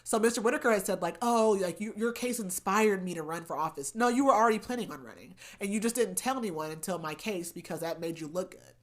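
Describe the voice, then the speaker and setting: A woman hosting a book podcast, casually recapping chapters in a chatty way with lots of "like" and animated retellings. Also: mid-range voice, fast talker, few pauses. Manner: chatty, heavy use of "like", animated retelling of scenes.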